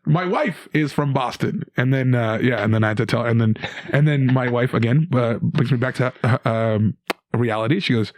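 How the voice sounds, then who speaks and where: Young Canadian comic guest, lively storyteller, dry close studio sound. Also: male voice, mid-range voice, moderate pace, no echo. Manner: animated storyteller with many restarts. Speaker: guest comedian. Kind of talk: casual storytelling.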